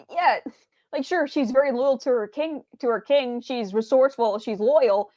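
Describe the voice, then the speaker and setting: Rambling woman streamer, slightly high voice. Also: measured pace, warm tone, no echo, highs cut off. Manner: rambling, with many fillers and restarts; stumbles over words. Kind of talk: casual stream chat.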